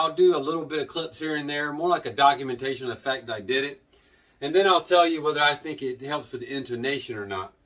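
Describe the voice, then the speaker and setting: A man's voice: a little high, a bit bright. A man making a casual guitar vlog, talking in a rambling, plainspoken and self-deprecating way while he shows parts and works with his hands. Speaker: guitar vlogger. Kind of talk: casual how-to video.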